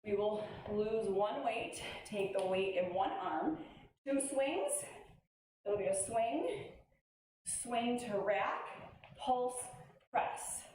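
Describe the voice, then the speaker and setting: A woman's voice: mid-range voice, animated, slow, long pauses, a little mellow, distant mic. An upbeat woman fitness instructor calls out exercise moves and cheers on her class, laughing now and then. Her voice sits in a very echoey room, some way back from the mic. A faint hiss of room noise runs underneath. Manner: upbeat coaching, calling out moves, frequent laughs. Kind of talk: live online workout class.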